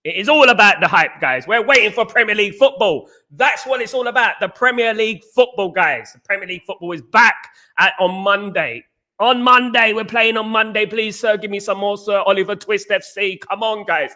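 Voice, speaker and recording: Brisk and forceful, a young host from England runs a live football chat stream in a bright, high voice. He keeps up an animated flow, saying hello to viewers and repeating his phrases.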